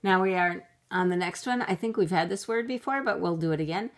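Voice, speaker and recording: A woman teaching young children phonics from home, slowly sounding out words letter by letter for her camera. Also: fairly low pitch. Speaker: kindergarten teacher. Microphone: computer camera mic.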